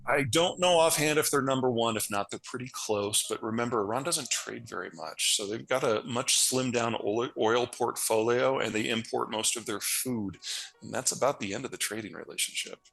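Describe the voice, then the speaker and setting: A man's voice: medium pitch, moderate pace, gravelly, a bit bright, soft background music. A man from the United States, a guest analyst, answering interview questions in a blunt, fluent way with casual asides.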